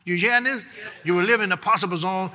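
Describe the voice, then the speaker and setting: Fervent, bright-voiced male preacher. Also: high-pitched, fast. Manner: fervent, rhythmic preaching with repetition and shouted peaks; informal, folksy phrasing. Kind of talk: sermon.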